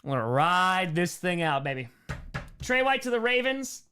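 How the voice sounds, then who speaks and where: A man's voice: high-pitched, very animated, pushed and bright, soft background music. A young man from New York hosting a casual live Q&A, reading out donors and chatting loosely and upbeat. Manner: loose and upbeat, quick thank-yous to donors. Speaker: livestream host answering superchats.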